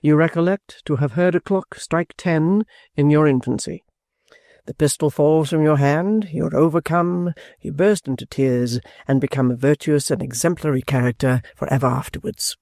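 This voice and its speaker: A man voicing an earnest young dramatist who speaks in a measured way. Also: a little high, darkish tone, no echo, clean studio sound, voice pushed up, lightly acted.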